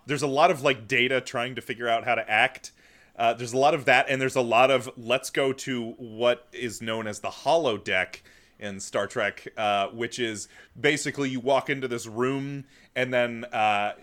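Man with a bright, forceful voice. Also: mid-range voice, steady tone, moderate pace. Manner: long eager explanations, swears casually. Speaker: podcast co-host. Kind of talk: casual chat.

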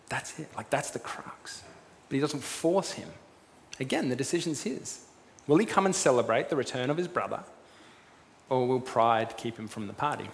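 A man preaching a sermon, retelling a story in a lively way and acting out what its figures say. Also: mid-range voice, normal speed, gravelly. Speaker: pastor. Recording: long reverb with faint room noise.

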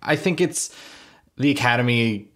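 A man's voice: mid-range voice, unhurried. A man co-hosting an awards podcast, talking casually and wryly with small laughs. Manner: wry, laughs between phrases. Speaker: podcast co-host. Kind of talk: casual chat.

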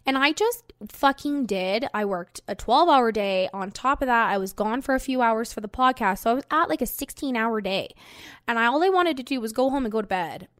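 A young woman hosts a podcast and tells her story in loose, casual chat, with plenty of "like" and frequent swearing. Her voice sits a little high. The recording is dry, with no room sound. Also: animated, fairly quick, a bit bright, no echo. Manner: chatty, swears freely, fillers of "like". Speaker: podcast host.

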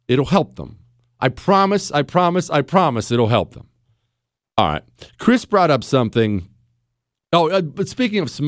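A man's voice: mid-range voice, no room sound. A man hosting a talk radio show, delivering a blunt, lecturing monologue into a studio microphone. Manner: blunt, lecturing, acts out other people's voices.

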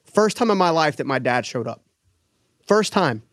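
A man telling his own story in an interview, animated, acting out the voices of the people in it. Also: fairly high pitch, normal speed, no echo, studio quality. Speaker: business owner guest.

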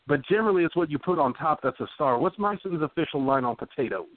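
A man's voice: on the high side, lively intonation, fast talker, no room sound. A man co-hosting a casual podcast, joking around and reading out listener questions. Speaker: podcast co-host. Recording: dry, phone-like sound.

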